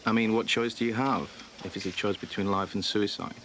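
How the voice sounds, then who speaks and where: Deep, flat-voiced man recalling his cancer. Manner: measured and hesitant, with frequent pauses. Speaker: cancer patient recounting his experience. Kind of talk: reflective documentary interview. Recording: noisy 1980s documentary audio.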